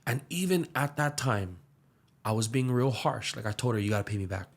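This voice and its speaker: A young man with a light lilt telling his story earnestly on a podcast, his voice dropping to a hush when it gets emotional. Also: mid-range voice, lively intonation, brisk. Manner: earnest, slips into soft hushed tones when emotional. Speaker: musician and aspiring pastor.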